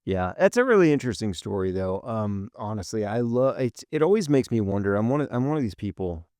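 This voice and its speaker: A man's voice: fairly low pitch, very animated, brisk, a little mellow, no echo, studio quality. A man co-hosting a podcast, talking in a rambling casual chat full of fillers and restarts. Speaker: podcast co-host.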